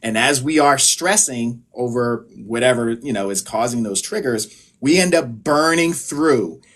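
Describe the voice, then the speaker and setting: In casual live-stream talk, an American man who sounds like a practitioner walks viewers through health advice. He is unhurried and relaxed, his voice at a typical male pitch, and he leans on lots of filler phrases as he explains.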